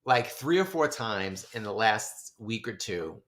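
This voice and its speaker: A man's voice: on the low side, unhurried. A man co-hosting a podcast, telling a story in casual chat and acting out his own outbursts with laughter. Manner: animated, acts out his own shouting and laughs through stories. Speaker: podcast co-host.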